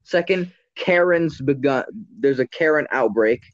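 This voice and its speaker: A man's voice: medium pitch, expressive, a little slow, dry recording. Casual podcast host, male, blunt rambler, dry lo-fi sound. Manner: rambling, self-correcting, blunt and profane. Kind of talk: casual chat. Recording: dull lo-fi sound.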